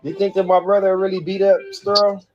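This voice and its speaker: A livestream host with a high-pitched voice reacts to family drama, speaking briskly in a level tone. He rambles loosely, laughing often and swearing freely, with a dull lo-fi sound.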